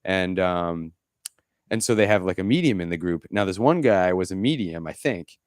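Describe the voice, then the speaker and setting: A man's voice: low-pitched, expressive, normal speed, no echo, clean studio sound. A man co-hosting a podcast, chatting casually, rambling through stories with many fillers and restarts. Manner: mimics people in quoted asides. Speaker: podcast co-host. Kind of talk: casual chat.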